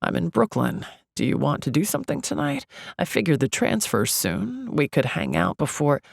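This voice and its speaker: Casting: woman doing a rumbly-voiced, easygoing young guy, low and gravelly, in a dry booth. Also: wildly swooping pitch, normal speed, dry recording, heavily acted.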